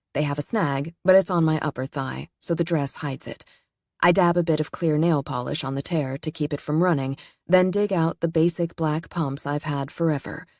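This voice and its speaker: Low-voiced woman reading an audiobook. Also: darkish tone, no room sound, clean studio sound. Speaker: audiobook narrator. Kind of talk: first-person audiobook narration.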